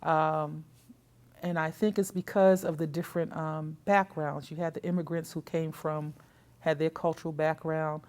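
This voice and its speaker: A woman's voice: low-pitched, flat delivery, normal speed, darkish tone. An older woman giving an oral history interview, telling her story in a reflective way. She often repeats words and restarts phrases, and she acts out what other people said. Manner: reflective storytelling, quotes others in their own voices. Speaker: interviewee recounting community history.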